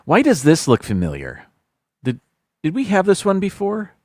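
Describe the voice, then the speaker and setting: A man's voice: sits high, wildly swooping pitch, moderate pace, darkish tone, dry recording, clean studio sound. A man hosting a casual live stream, thinking aloud and reading out viewers' guesses.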